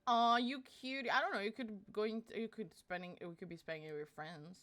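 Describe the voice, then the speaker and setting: A woman's voice: medium pitch, moderate pace, a bit bright. A woman streamer chatting casually with her friends and viewers, giggly, playful and teasing. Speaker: live streamer. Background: faint music playing.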